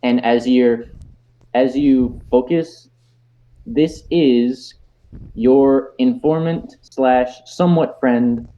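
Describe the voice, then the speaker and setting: A man runs a tabletop game, narrating the scene in a mid-pitched voice. He stumbles and restarts his sentences as he goes. The recording sounds dull and lo-fi. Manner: halting, restarts phrases often. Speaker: game master.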